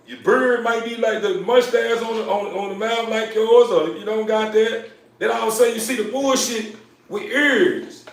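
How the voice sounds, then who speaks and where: A man telling a profane personal story, repeating phrases and building excitement as he goes. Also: high voice. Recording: roomy, from a distance.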